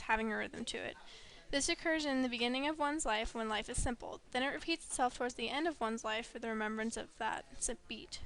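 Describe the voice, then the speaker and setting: A woman and student presenter reading a prepared literary analysis aloud with steady delivery. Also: fairly high pitch.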